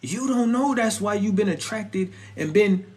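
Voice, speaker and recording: The speaker is a young Christian vlogger whose voice sits high, delivered at a measured pace. He riffs in an animated, slangy, conversational way about faith and relationships, repeatedly asking "you feel me?"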